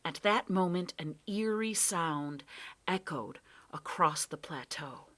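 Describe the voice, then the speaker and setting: A woman's voice: lowish voice, lively intonation, takes it slowly, fairly bright tone. A woman reading a children's adventure book aloud with dramatic storytelling. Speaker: reader.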